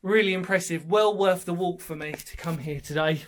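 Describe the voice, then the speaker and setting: A man's voice: high voice, moderate pace, a little hiss or hum. A man exploring an underground bunker alone and chatting to his channel viewers, rambling and enthusiastic. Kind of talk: casual solo exploring vlog. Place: inside a small underground brick bunker in woodland.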